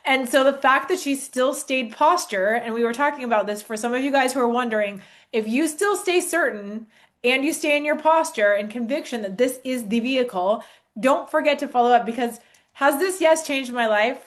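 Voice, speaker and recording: A woman in her forties giving an animated, earnest testimonial, talking straight to the audience. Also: sits high, normal speed. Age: 40s. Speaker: network marketing speaker. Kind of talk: storytelling testimonial on stage.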